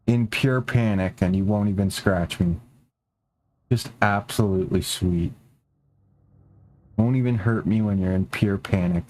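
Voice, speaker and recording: A man's voice: unhurried, long pauses, a little mellow, slight background noise. A young man streaming a game, chatting casually and rambling, swearing a lot and talking to his cats. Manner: rambling, profane, talks to his cats in a high baby voice.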